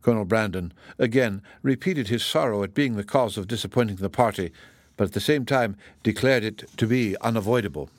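A man narrating a classic novel as an audiobook in a measured, even way. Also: lowish voice, no echo, studio quality.

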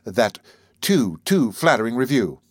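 A man reading aloud and voicing a composed, gracious young woman poet in a soft, gently raised voice. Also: mid-range voice, sing-song, a little slow, no echo, studio quality.

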